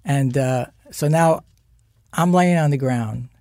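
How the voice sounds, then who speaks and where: An older man, an actor guest in a podcast studio, telling lively anecdotes in casual chat and acting out the voices of the people he quotes. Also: medium pitch, slow pace, dry recording.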